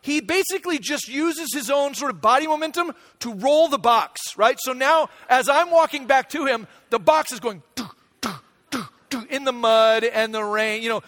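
A man's voice: extremely high pitch, normal speed, fairly bright tone. A man in his forties preaching a sermon, telling a family story in a conversational way and checking in with the room. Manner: conversational, asks the room "right?". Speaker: pastor.

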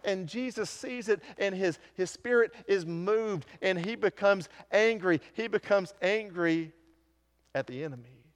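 A pastor in full sermon, his man's voice sitting a little high and earnest as he puts question after question to the congregation. His words ring out with a long reverb through the church hall. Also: unhurried. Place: church sanctuary.

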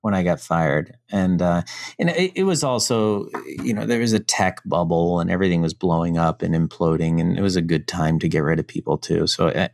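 A middle-aged American man, appearing as a podcast guest, tells his story frankly, animatedly and casually, swearing now and then. His voice is deep and gravelly, recorded in studio quality with no echo.

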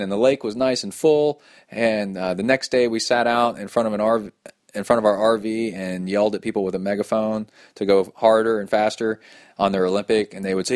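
A middle-aged man hosting a casual podcast from home, rambling and excitable, laughing often. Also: on the low side, brisk, dry recording, studio quality. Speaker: podcast host. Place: home room.

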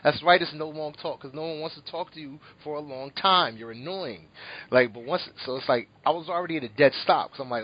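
Husky podcast guy rambling casually about an album, kinda dull lo-fi sound. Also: fairly high pitch, a little fast. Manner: laid-back, rambling, laughs often. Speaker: podcast co-host. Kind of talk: casual chat, album review.

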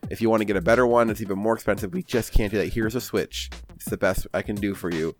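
A man voicing a calm, reasonable parent gently explaining to a child, close to his own voice. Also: on the low side, quick pace, soft background music, close to an everyday voice.

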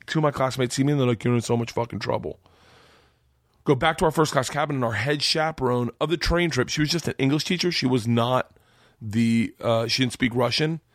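A man in a comedic podcast interview, telling a story in an animated, profane way. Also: mid-range voice, dry recording, studio quality. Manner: animated, profane, fast-building punchlines.

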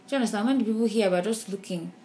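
A woman's voice: medium pitch, racing, dark tone, a little hiss or hum. A woman with a Nigerian accent, co-hosting a podcast in casual discussion. She talks animatedly, often restarting her sentences and checking in with "do you understand?". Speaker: podcast co-host.

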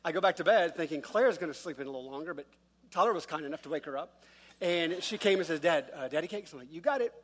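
Middle-aged male pastor, a touch high-pitched, humorous conversational sermon storyteller, church hall reverb. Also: quick pace, a bit bright.

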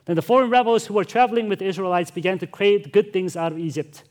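A man's voice: sits high, fast. A male pastor preaching a sermon, earnest and emphatic, often addressing the congregation directly.

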